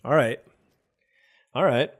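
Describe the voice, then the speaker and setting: A man's voice: medium pitch, slow. A man streaming a digital card game, chatty and musing aloud over each play as he weighs his options. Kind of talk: thinking aloud while playing.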